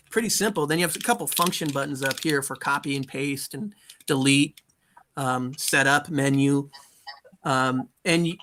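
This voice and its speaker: A man's voice: fairly high pitch, a bit bright. A man on an online call, explaining synthesizer gear in a rambling, casual way, often restarting his words. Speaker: co-host of a modular synth stream. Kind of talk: casual technical chat.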